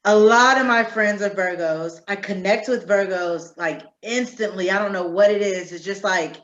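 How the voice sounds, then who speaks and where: Woman podcast cohost, animated and laughy, echoey room, kinda muffled lo-fi sound. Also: medium pitch, normal speed. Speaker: podcast co-host. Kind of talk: casual chat.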